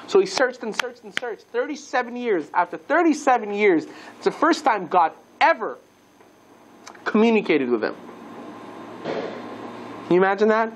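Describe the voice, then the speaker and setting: A man teaching a class as a rabbi, lively and playful, asking the listeners questions and mixing Hebrew terms into his lesson. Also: sits high, normal speed, pauses often, a little hiss or hum, low-quality recording.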